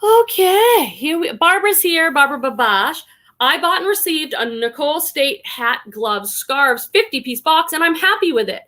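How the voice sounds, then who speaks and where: Woman from boston hosting a live stream, high bright voice, chatty, saying hi to everyone in chat. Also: lively intonation, moderate pace. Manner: chatty, greets viewers one by one and reads chat aloud. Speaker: live stream host and online reseller.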